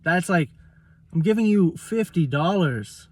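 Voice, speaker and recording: A man's voice: high voice, expressive, measured pace, recorded from a distance. A man telling a heated, swearing story about a bad trade at a shop in a casual vlog rant, often mocking the other person's words. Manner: heated, exasperated, swears, quotes people mockingly. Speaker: vlogger.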